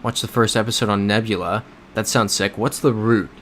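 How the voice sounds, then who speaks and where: A man's voice: lowish voice, steady tone, a little fast, a bit bright, slight background noise. A man hosting a casual livestream while playing a geography game, talking in a rambling, self-correcting way and answering chat. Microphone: desk microphone.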